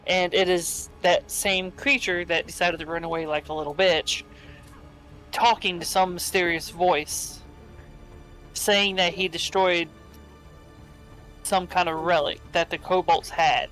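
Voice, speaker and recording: A player in a tabletop game talks through a character's dreams and actions in a mid-range voice. The delivery is casual and halting, full of searching pauses. Quiet music plays behind. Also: medium pitch, steady tone, low-quality recording.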